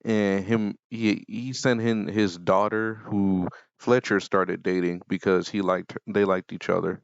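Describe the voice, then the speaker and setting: A young man with a very low, gravelly voice talks slowly and offhandedly in a casual vlog. The sound is dry and close but dull and lo-fi, and he drifts into deadpan asides. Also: no echo. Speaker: YouTuber. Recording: dull lo-fi mic.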